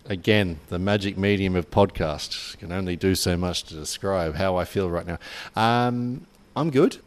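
A man's voice: low-pitched, unhurried. A man co-hosting a podcast, chatting casually in a rambling way with lots of fillers. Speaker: podcast co-host.

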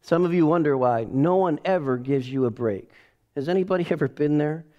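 A middle-aged man preaching as a pastor, emphatic, swinging from quiet asides to loud bursts and leading the congregation in call-and-response. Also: on the high side, fairly quick, lo-fi sound. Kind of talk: sermon.

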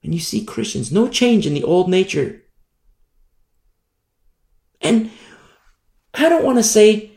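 A man preaches a sermon at an unhurried pace, hammering on repeated phrases. His voice rises on key words and then sinks low and quiet. The sound rings with the echo of the room. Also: very animated, vocal fry. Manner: emphatic, repeats phrases with rising then dropping voice.

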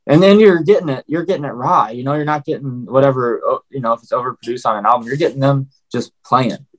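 A man's voice: mid-range voice, fast talker, rough recording. Laid-back man, lots of fillers. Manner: filler-heavy, relaxed. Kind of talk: casual chat.

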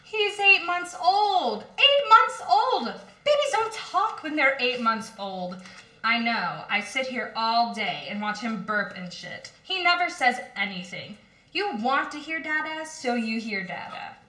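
A woman's voice: fairly high pitch, expressive, unhurried. A woman reading a bitter, contemptuous mother in an amateur play reading. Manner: contemptuous, sharp. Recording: echoey room.

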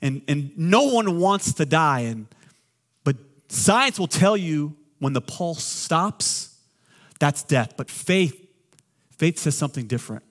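A middle-aged man, a pastor, preaching a sermon with joking asides, swinging between loud and quiet. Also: fairly high pitch, lively intonation, takes it slowly.

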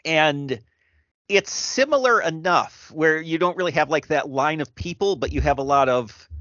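A middle-aged man chatting casually, reflective and halting with many restarts. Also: on the high side, expressive, sharp tone, dry recording. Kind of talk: casual chat. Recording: dry dull lo-fi sound.

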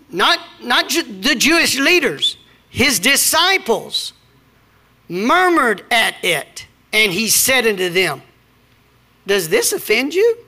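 A man's voice: very high-pitched, bright, forceful tone. A middle-aged man, preaching a sermon with scripture readings and personal stories. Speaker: pastor.

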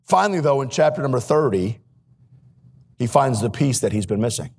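A man preaching a sermon in a church as a missionary, earnest and swinging between hushed and emphatic delivery. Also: medium pitch, lively intonation, fairly quick, vocal fry, pauses often, breathy edge. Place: church sanctuary.

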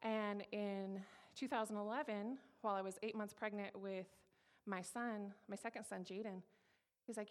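A woman's voice: medium pitch, steady tone, normal speed. A woman in her thirties from Colorado, giving a candid, emphatic personal testimony to an audience and repeating her key phrases. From Colorado, USA. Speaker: speaker sharing her testimony.

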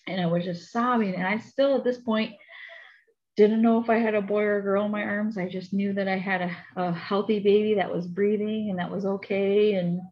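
A young adult woman recounts a personal story in relaxed conversation, her pitch sitting in the middle range. She speaks in a chatty, animated way and pads her sentences with fillers. The audio sounds slightly dull and lo-fi. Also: normal speed. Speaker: podcast guest. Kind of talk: casual storytelling.

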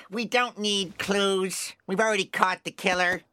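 A man's voice: sits high, fairly even intonation, measured pace, sharp tone, no echo. A man voicing a pompous, dim-witted police chief in a cartoon, in a lazy, blustering manner. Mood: smug. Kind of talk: cartoon voice acting.

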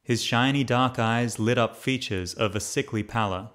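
A man's voice: mid-range voice, normal speed, a bit bright. A man narrating a memoir as an audiobook reader, reading steadily and lifting his voice for the quoted lines.

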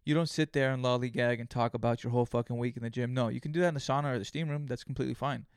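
Profane, animated male podcast host. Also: mid-range voice, rapid-fire, clear, resonant tone, no echo, clean studio sound. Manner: profane, animated storytelling, acts out his own inner voice. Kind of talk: solo podcast monologue.

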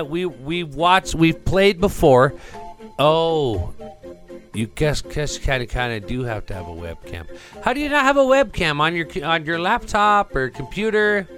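A man's voice: on the high side, fairly bright tone. A man co-hosting a home podcast, chatting casually and playfully. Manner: playful, rambling. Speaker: podcast co-host. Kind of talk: casual chat.

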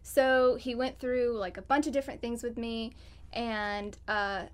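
Chatty woman guest, kinda high voice, rambles a lot, laughs easy. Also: fairly even intonation, a little slow. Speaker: guest on a gaming podcast. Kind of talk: casual interview chat.

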